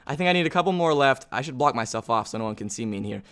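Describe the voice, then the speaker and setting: Excitable man narrating his gameplay. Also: medium pitch, fast talker, smooth. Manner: excitable, talks to objects in the game. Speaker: gaming video host. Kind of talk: gameplay commentary.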